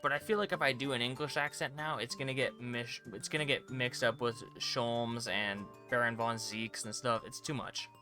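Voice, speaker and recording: Brief: man, casual joking game commentary, steady middle voice, game music behind. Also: mid-range voice, moderate pace, hardly any pauses. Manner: joking, animated, swearing. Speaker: streamer. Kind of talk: casual let's-play commentary.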